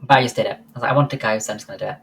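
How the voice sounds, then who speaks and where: A woman's voice: a bass voice, racing, rough recording. A woman livestreaming, chatting casually and answering her viewers' messages one by one. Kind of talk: casual chat with live viewers.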